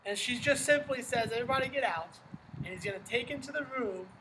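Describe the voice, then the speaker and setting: A man's voice: extremely high pitch, brisk, very noisy. A man teaching a casual Bible lesson outdoors under an umbrella in the rain, conversational and full of rhetorical questions. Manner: conversational, asks rhetorical questions, says "right?" often. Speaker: religion teacher.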